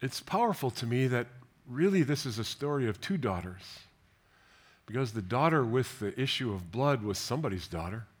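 In a mid-range, slightly rough voice at a moderate pace, a man delivers a sermon, reading scripture and offering commentary. His tone ranges from gentle and tender to softly whispered to lively and emphatically questioning.

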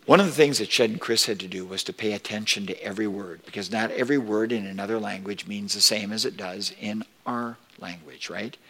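A man preaching a sermon as pastor, slow and deliberate, rising with emphasis when quoting scripture. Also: lowish voice, a bit bright, in a large hall. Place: church sanctuary.

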